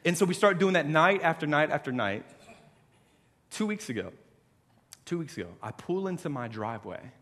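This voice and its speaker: A man in his thirties telling a stand-up story, overdramatic, swinging from loud outbursts to hushed mock-solemn asides. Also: fairly high pitch, very animated, moderate pace, long pauses, long reverb tail. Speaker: stand-up comedian.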